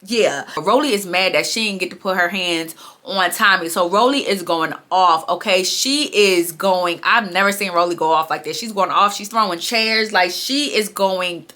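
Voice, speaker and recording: A woman vlogger recapping a show in a casual, animated and emphatic way, stretching words and tossing in "okay?" to her viewers. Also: on the low side, normal speed, hardly any pauses.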